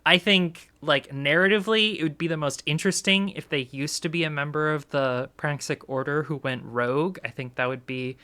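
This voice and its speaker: Bright, smooth-voiced chatty lore vlogger. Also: mid-range voice. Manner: chatty, speculative, many "like" fillers. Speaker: video creator. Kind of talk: casual lore breakdown.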